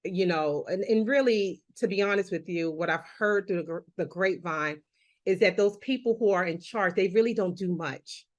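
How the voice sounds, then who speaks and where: A woman's voice: lowish voice, moderate pace, highs cut off. Chatty woman in her forties hosting. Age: 40s. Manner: chatty and warm-hearted, emotional. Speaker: host. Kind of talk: conversational interview.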